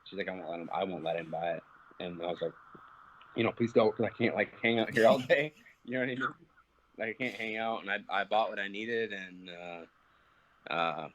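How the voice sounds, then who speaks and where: Low-voiced man telling a heated, profane story. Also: normal speed, a bit bright, dull audio. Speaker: interview guest, professional fighter. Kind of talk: casual phone interview.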